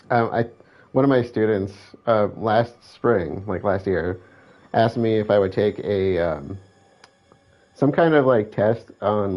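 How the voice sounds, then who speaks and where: A man chatting casually while playing a horror video game, reading game text aloud and correcting himself as he goes. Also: on the low side. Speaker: gameplay commentator. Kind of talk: let's play commentary. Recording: dull lo-fi with faint hiss.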